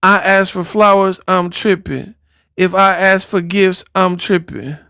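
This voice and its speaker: A clingy, needy young woman pleads in a high, whining falsetto, stretching her words out slowly, as a man mocks her. The sound is close and dry. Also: fairly even intonation, sharp tone, clean tone, no room sound, full character voice. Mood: whiny mocking. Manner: high whiny mocking falsetto.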